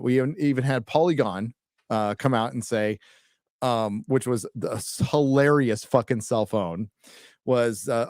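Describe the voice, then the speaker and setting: A man's voice: mid-range voice, a little slow, darkish tone, dry recording, clean studio sound. A man co-hosting a casual podcast, rambling and joking, drifting into asides. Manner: rambling, jokey, trails off into asides. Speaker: podcast co-host. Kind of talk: casual chat.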